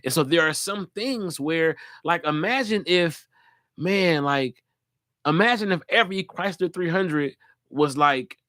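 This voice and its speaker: High, bright-voiced comedian hosting live. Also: male voice, a little slow, no echo, studio quality. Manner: animated, profane, jumps into loud put-on voices. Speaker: comedian and podcast host. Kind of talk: casual live podcast chat.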